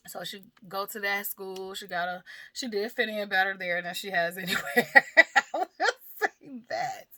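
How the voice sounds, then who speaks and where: A woman's voice: mid-range voice, normal speed, pushed and bright, dry recording. Candid, swearing woman talking about grief. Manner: candid, swears freely, laughs through hard topics. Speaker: mother and vlogger. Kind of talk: casual personal talk about grief.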